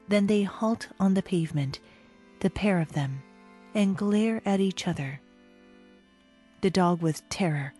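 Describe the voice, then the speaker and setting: Female audiobook narrator: low, warm tone, slow, measured delivery. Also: slightly rough. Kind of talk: audiobook reading.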